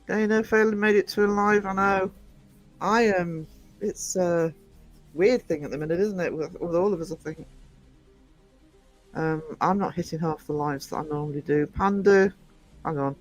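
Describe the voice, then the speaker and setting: A man's voice: high-pitched, fairly even intonation, moderate pace, long pauses, soft background music. A man streaming live, chatting with his viewers in an affectionate, scattered way. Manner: chatty, affectionate, calls viewers sweetie and darling; scattered, frequent ums and trailing off while reading chat. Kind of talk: casual live-stream chat.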